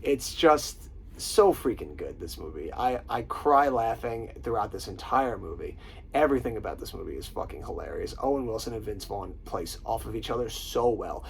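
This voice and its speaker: A man's voice: lowish voice, lively intonation, moderate pace, gravelly, slight background noise, poor audio. A man hosting a casual movie countdown, swearing often and gushing about his favorite comedies. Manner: profane, enthusiastic, quotes lines in put-on voices. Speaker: host.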